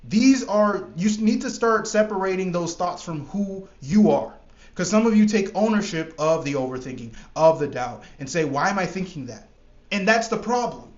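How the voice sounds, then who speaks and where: Man, high voice, emphatic motivational coach, casual swearing, echoey dull-sounding room. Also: expressive, moderate pace. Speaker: trading coach. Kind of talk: motivational monologue.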